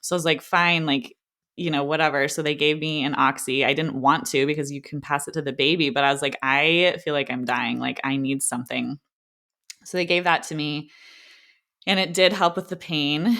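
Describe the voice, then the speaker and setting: A woman's voice: deep voice, a bit bright. A woman in her thirties, a podcast co-host, casually telling a personal story, full of "like" and acted-out quoted exchanges. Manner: chatty, frequent "like", acts out quoted exchanges.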